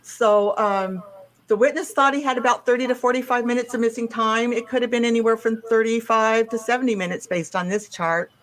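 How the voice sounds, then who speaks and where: A woman's voice: on the high side, steady tone, a little fast. A woman presenting a witness case as an investigator, going step by step with frequent ums and restarts.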